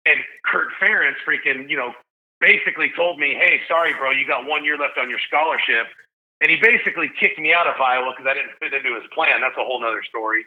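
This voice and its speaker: A man's voice: mid-range voice, quick pace. A man in his forties from Tennessee, a podcast guest telling a story in a casual, slangy way and acting out the voices he quotes. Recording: tinny phone-line sound.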